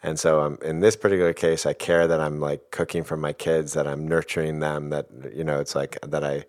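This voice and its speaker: Very deep-voiced reflective man. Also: little pitch movement, fairly quick, darkish tone. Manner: thoughtful, uses many fillers like "like" and "you know". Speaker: guest speaker on emotions. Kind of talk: reflective casual talk.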